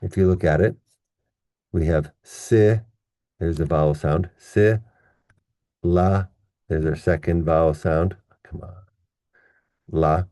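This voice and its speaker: Deep, dark-voiced male English teacher. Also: no room sound, clean studio sound. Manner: patient, explains step by step with examples; slows down and stretches words to demonstrate stress. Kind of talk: online English lesson.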